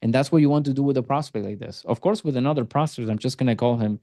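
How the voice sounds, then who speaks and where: A man's voice: medium pitch, fast, mellow. A man leading a group coaching call as a sales coach, talking bluntly with teasing and swearing.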